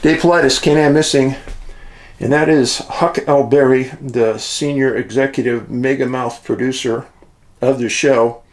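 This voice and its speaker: A man's voice: mid-range voice, fairly even intonation, unhurried. A man hosting his show, talking in a folksy, chatty way straight to his viewers. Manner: folksy, chatty, addresses listeners as friends. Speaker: show host. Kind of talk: casual monologue.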